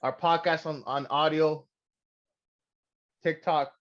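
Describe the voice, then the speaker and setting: A man's voice: fairly high pitch, steady tone, slow pace, fairly bright tone. A young man hosting a podcast in casual chat, loose, profane and joking. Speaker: podcast host. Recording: dull lo-fi sound.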